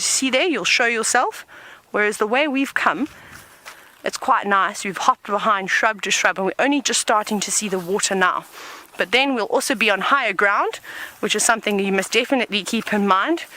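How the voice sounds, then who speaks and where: A woman's voice: medium pitch, pushed and bright, rough recording. A woman, a safari guide talking viewers through a live walk outdoors, chatty and explaining as she goes, sometimes dropping to a whisper. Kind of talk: live nature broadcast on foot. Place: outdoors in the bush.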